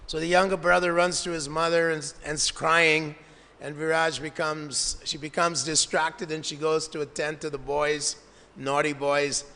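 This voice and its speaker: A man's voice: on the high side, pushed and bright, clean tone. A man giving a devotional lecture, narrating scripture stories with quoted dialogue and Sanskrit terms, in a temple hall. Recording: long hall reverb.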